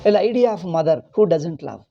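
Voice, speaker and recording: A man's voice: high voice, expressive, fairly quick, mellow, lo-fi sound, slight background noise. A middle-aged man from India with an Indian English accent, giving a rambling, impassioned religious discourse as a spiritual teacher. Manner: rambling and impassioned, with many restarts.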